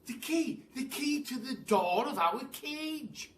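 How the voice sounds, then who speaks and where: A man voicing Mugglewump, a clever father monkey who talks in a calming, determined way. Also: extremely high pitch, slow, voice pushed up, full character voice. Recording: echoey room, mic at a distance.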